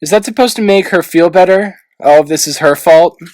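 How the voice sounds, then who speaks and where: Guy doing a bossy sarcastic dragon girl, loud and kinda high. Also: sing-song, moderate pace, no echo. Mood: snappy. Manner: snappy, sarcastic. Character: bossy, sharp-tongued young female sea dragon.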